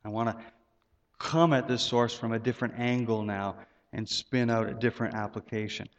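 A man's voice: steady tone, normal speed. Pastor, male, conversational sermon delivery with stumbles and repeated words, long hall reverb, muffled sound. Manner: conversational preaching with repeated words and sudden rises in pitch.

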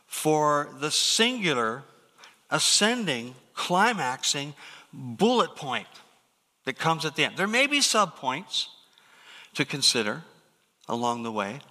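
A man's voice: mid-range voice, bright, forceful tone, in a large hall. A man preaching a sermon, explaining scripture with emphatic rises on key words. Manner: emphatic preaching, rising to stressed peaks. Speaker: pastor.

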